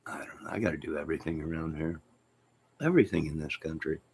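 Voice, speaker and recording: A man hosting his own channel, chatting in a rambling, jokey way with sudden loud outbursts. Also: very deep voice, quick pace, creaky, a little hiss or hum. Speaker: channel host. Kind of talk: rambling joking livestream chat.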